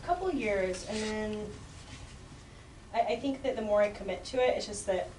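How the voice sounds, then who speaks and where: A woman's voice: mid-range voice, normal speed. Chatty woman heard from across a roomy class. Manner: chatty, full of fillers. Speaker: comedy writing student. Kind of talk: casual workshop chat. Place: class room. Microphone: far room mic. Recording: roomy distant room recording with background hiss.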